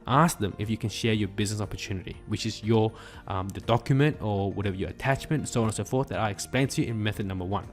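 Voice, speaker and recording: A man's voice: lowish voice, fast, faint music behind. A man giving a casual online marketing tutorial, chatty and acting out small talk at a bar.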